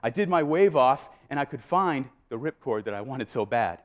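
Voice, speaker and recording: A man giving a motivational keynote speech, telling a story with lively re-enactments to a live audience. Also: medium pitch, moderate pace. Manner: animated, acts out scenes and voices. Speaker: keynote speaker. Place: live event before an audience.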